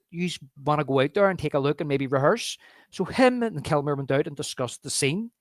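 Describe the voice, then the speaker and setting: A man co-hosting a movie podcast, casually retelling film scenes and quoting their lines in a lowered drawl. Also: fairly bright tone, no room sound, clean studio sound. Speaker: podcast co-host. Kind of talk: casual movie review chat.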